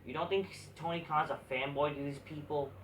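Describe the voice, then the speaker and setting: This fairly high-pitched male voice moves fairly quickly with fairly even intonation and a fairly bright tone, ranting with swearing about wrestling news. The wrestling commentary vlogger rambles in exasperation with many restarts, recorded off-mic in an echoey room with a little hiss or hum.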